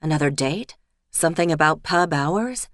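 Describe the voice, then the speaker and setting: A woman narrating an audiobook in a steady, even reading voice. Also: sits low, normal speed, dry recording, clean studio sound. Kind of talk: scripted narration.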